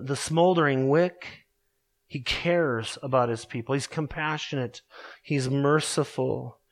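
A man preaching a sermon, earnest and emphatic, slowing down to stress scripture verses. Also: a little high. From Colorado, USA. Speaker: pastor.

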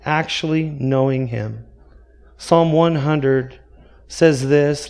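A man's voice: on the high side, slow pace, a little mellow. A man preaching a sermon as pastor, earnest and full of rhetorical questions.

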